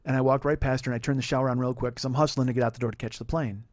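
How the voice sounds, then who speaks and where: A man's voice: medium pitch, steady tone, racing, darkish tone, no echo, studio quality. A man in his forties hosting a podcast, telling a personal story in a heated, profane, rambling monologue. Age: 40s. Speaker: podcast host.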